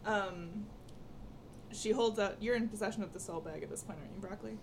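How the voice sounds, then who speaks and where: A woman's voice: mid-range voice, fairly quick. A woman playing a tabletop game, describing her character's actions matter-of-factly, with faint noise behind. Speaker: player. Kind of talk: casual tabletop role-play.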